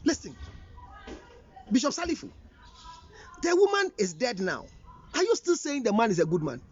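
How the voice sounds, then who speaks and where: High, lively Ghanaian man lecturing. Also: normal speed, slightly rough, highs cut off. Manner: emphatic, scolding, rhetorical questions. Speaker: relationship counselor. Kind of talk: counseling talk mixing English and Twi.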